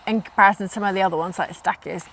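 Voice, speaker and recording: A woman's voice: mid-range voice, fairly even intonation, very fast, vocal fry, a little hiss or hum. A woman in a casual chat, asking questions and playfully challenging the other speaker. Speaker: co-host.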